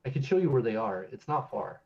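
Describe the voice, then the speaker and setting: A man's voice: mid-range voice, sing-song, fast talker, gravelly, lo-fi sound, soft background music. Man voicing a shy young noblewoman. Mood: pleading politely. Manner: hesitant, polite, a bit flustered.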